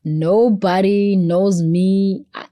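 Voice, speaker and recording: A South African woman in her thirties, a podcast guest telling stories in an animated, conversational way and acting out quotes. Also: mid-range voice, extremely slow, no room sound. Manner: expressive, acts out quotes with playful voices. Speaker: podcast guest, foundation CEO.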